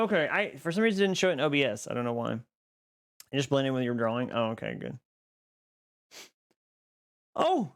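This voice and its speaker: A live streamer on a boom mic, chatting casually with viewers, greeting them by name and laughing often.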